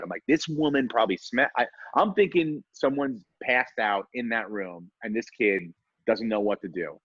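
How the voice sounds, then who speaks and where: A man co-hosting a podcast, telling a story in casual chat, animated and swearing, acting out the voices of the people in it. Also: mid-range voice, normal speed, husky, no echo. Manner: animated, swearing, acts out voices in his stories. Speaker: podcast co-host. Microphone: remote call mic. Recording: dull lo-fi internet call audio.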